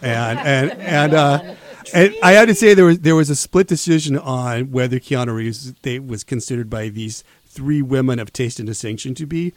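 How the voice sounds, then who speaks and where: A man's voice: mid-range voice, moderate pace. Rambling middle-aged man on college radio. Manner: rambling storyteller, many restarts. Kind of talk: casual on-air chat. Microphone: studio microphone.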